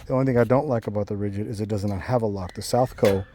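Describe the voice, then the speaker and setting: Laid-back male host, low and mellow, rambling through a hands-on review. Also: fast talker, slight background noise. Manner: rambling, with frequent 'um' and restarts. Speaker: channel host reviewing a bumper install. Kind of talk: casual install walkthrough and review.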